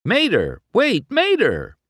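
A man's voice: mid-range voice, huge pitch swings, slow pace, a bit bright, no echo, clean studio sound, heavily acted. Male reader playing a reluctant young race car, anxious and whiny. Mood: alarmed. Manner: nervous, protesting.

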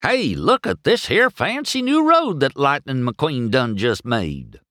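A man's voice: medium pitch, wildly swooping pitch, unhurried, a bit bright, no echo, studio quality, voice pushed up. A man voicing a cheerful hillbilly male tow truck with a folksy drawl in a storybook reading. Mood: gleeful.

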